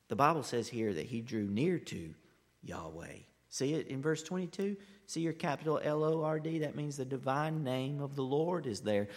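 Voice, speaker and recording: A man preaching a sermon, earnest, swinging from loud bold declarations to hushed asides. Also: medium pitch. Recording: long hall reverb.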